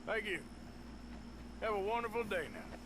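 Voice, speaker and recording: An actor playing a rugged outlaw cowboy who speaks with a courteous, measured drawl. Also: male voice, high voice, lively intonation, background noise.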